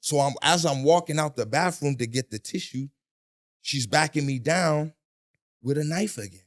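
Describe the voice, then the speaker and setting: A middle-aged man in a casual interview, telling a story in animated, profane street talk and acting out the voices. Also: a little high, normal speed. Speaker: guest.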